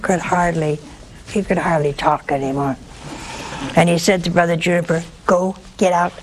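A woman's voice: on the low side, fairly even intonation, moderate pace, slight background noise, poor audio. A woman with a sore throat telling an audience the story of a saint, breaking in with homely, humorous asides. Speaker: religious storyteller.

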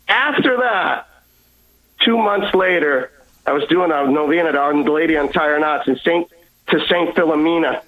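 This man speaks a little higher than most men. He tells his story earnestly and with animation, stumbling over repeated words and acting out each person he quotes. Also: a bit bright, low-quality recording. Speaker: guest.

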